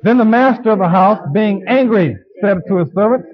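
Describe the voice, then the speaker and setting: High-voiced man preaching a sermon. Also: normal speed, few pauses. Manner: conversational preaching with asides to the congregation. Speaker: pastor. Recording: dull lo-fi tape recording.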